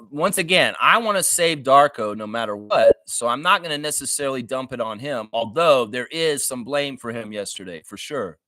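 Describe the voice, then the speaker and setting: A man's voice: mid-range voice, sharp tone, no room sound. A man hosting a live basketball reaction stream, ranting with heavy swearing and reading viewer comments aloud. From Canada. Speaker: sports fan channel host.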